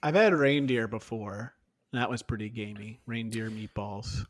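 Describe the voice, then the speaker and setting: A man co-hosting a podcast in casual chat, with wry, quick comments. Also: on the low side. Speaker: podcast co-host.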